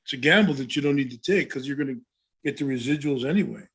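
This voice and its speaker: A man's voice: medium pitch, fast, fairly bright tone, slightly rough. A man in his seventies, a former wrestler co-hosting a podcast, telling stories in a rambling way with many restarts. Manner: rambling, full of restarts and "you know". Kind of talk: casual storytelling chat.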